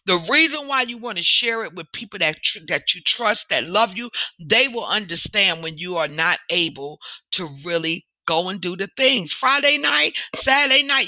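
Sassy, bright-voiced woman motivational coach. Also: fairly high pitch, dry recording. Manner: sassy, animated, preachy with call-outs to the listener. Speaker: motivational coach and podcast host. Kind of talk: motivational podcast talk.

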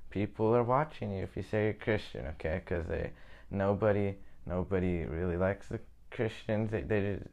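A man's voice: sits low, moderate pace, vocal fry, darkish tone, lo-fi sound. A young man giving an informal, rambling Bible lesson, often checking in with "okay?". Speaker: Bible study teacher.

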